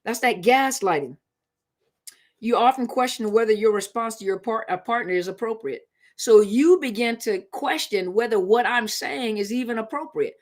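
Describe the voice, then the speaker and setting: A woman hosting a casual live stream, speaking in a conversational, emphatic way and repeating her points to drive them home. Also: a little high. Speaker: live-stream host on relationships.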